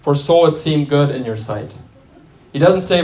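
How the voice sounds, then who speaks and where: A man's voice: on the high side, lively intonation, brisk, a little mellow. A man preaching a sermon in a conversational way, with restarts and asides to the congregation.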